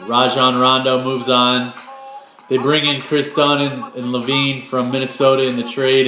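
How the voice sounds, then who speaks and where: A man's voice: medium pitch, little pitch movement, moderate pace, sharp tone, roomy sound, low-quality recording. A man co-hosting a sports podcast, blunt and opinionated in casual chat. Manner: blunt, opinionated, runs the segment. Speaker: podcast co-host.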